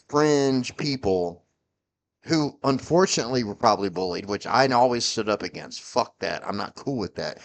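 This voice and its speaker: A middle-aged man vlogging a heated, profane political rant, rambling and restarting his sentences often. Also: fairly low pitch. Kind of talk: ranting political commentary.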